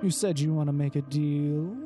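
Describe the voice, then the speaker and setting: A man's voice: a little high, moderate pace, over music, lightly acted. A man voicing a tall, elegant and mocking female demon in a tabletop game, drawing out his words. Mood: teasing.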